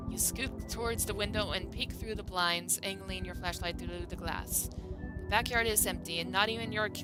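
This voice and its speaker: A woman streamer reads a horror game's narration aloud, steady and storybook-like. Her voice sits at an ordinary middle pitch. Game music plays clearly behind her. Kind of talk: reading game text aloud.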